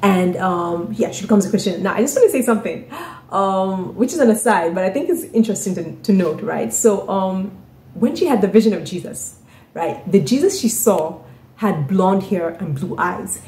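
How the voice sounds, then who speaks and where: A woman's voice: medium pitch, animated, normal speed, dark tone, slight background noise. A woman telling a story in a casual vlog, chatty, often asking "right?" and "you know". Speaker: author and vlogger. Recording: roomy echoey room.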